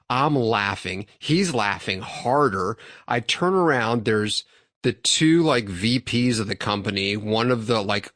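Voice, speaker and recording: A young male podcast host chats casually, telling a rambling story laced with profanity and laughing along the way. His medium-pitched voice is a bit bright, recorded at studio quality with no room sound.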